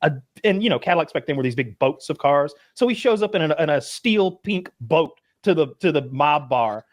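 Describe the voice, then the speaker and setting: A man co-hosting a podcast in casual chat, rambling through stories and acting out quotes in loud voices. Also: a little high, animated, a little fast, no echo, studio quality. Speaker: podcast co-host.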